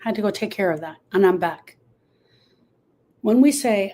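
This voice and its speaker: In a rough recording, a woman grief coach and podcast host talks to camera at a moderate pace, with a fairly low, slightly mellow voice. She explains coping tools to listeners, returning to key phrases for emphasis.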